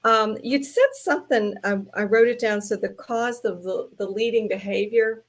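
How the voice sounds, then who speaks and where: A woman with a Southern US accent, chatting as a podcast guest and telling stories in a playful, animated way. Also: a little high, moderate pace. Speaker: podcast guest, trainer and speaker. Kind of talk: casual panel chat.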